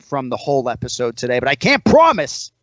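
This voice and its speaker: A man's voice: mid-range voice, wildly swooping pitch, fairly quick, fairly bright tone, no echo. A man hosting a podcast in casual, joking chat, swearing freely and rambling. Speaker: podcast host.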